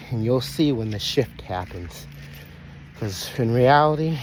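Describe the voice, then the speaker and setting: A man's voice: mid-range voice, a little mellow, slight background noise. A man giving a loose, rambling preaching monologue to his online followers, repeating phrases, breaking off mid-sentence and calling them brothers and sisters. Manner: calls out to listeners as brothers and sisters. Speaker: online speaker addressing followers.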